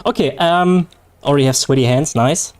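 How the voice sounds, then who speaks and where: A man's voice: on the high side, normal speed, darkish tone, clean tone. A young man whose first language is German, chatting casually and rambling with jokes and laughter as a game streamer. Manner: rambling, joking, laughs often. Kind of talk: casual livestream chat.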